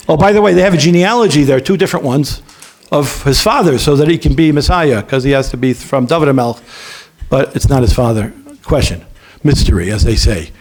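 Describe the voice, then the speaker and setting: A man, a rabbi, talking to yeshiva students in a lively, conversational way, acting out bits of dialogue and checking in with his listeners. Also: a little high, creaky. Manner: lively, acts out dialogue in different voices. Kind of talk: animated talk to a student audience.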